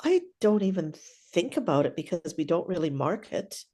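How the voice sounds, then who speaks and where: A woman's voice: lowish voice, sing-song, moderate pace, warm tone. An older woman, a clown teacher, chatting animatedly through stories in an interview and often tagging her sentences with "right?". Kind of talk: casual storytelling interview.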